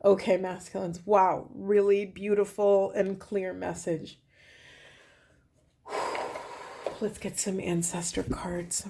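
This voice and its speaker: A woman's voice: medium pitch, flat delivery, slow, vocal fry, long pauses, heavy background noise. A woman giving a spiritual tarot reading to camera, thinking aloud in a reflective, earnest way with many fillers. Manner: earnest, pleading with viewers. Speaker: tarot reader.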